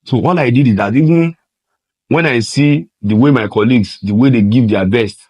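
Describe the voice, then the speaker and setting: A man's voice: mid-range voice, normal speed, a little mellow, no room sound. Earnest man, dull lo-fi recording. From Nigeria. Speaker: university lecturer. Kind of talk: interview testimony. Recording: dull lo-fi sound.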